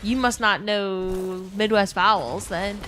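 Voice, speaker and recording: A woman from New Orleans, USA, streams a game and chats casually with viewers, reading chat aloud and swearing freely into a desk mic. Her medium-pitched voice is steady and slow, and the background is noisy.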